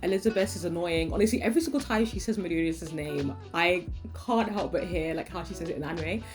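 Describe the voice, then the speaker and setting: Talking quickly in a lowish voice, a young woman vlogs from home, giggly and expressive as she plays out her own reactions. Faint music runs behind her.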